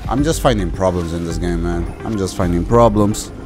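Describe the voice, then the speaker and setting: A man giving animated let's-play commentary as a gaming YouTuber, ranting and swearing mildly with sudden shouted outbursts. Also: low-pitched, fairly quick, music in the background.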